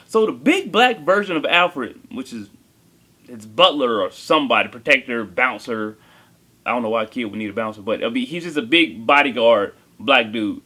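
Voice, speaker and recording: A man's voice: mid-range voice, expressive, normal speed, sharp tone, breathy edge. A man giving a comedic movie review, talking in a joking, slangy way.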